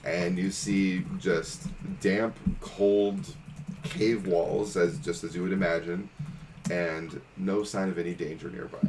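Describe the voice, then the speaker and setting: A man narrating a tabletop game as game master, relaxed and hesitant with fillers. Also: sits low, takes it slowly. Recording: noisy home recording.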